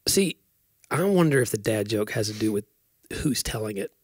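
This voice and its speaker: Podcast co-host, man, mid pitch, animated, dry close mic. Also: moderate pace, slightly rough, no room sound. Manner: animated storyteller, slips into quoted voices. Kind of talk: casual chat.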